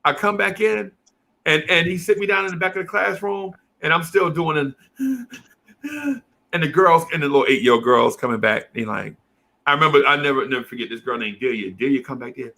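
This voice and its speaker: A man's voice: on the high side, lively intonation, a little fast, vocal fry, sharp tone. A middle-aged man telling a childhood story in casual chat, acting out the people in it with lots of slang. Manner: acts out teachers and kids in quoted voices, heavy slang.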